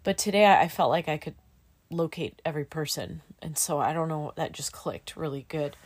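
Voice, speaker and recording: A woman's voice: low-pitched, expressive, fairly quick, husky. A middle-aged woman and student pilot in casual chat, candid and emotional, with plenty of fillers like "like" and "dude.".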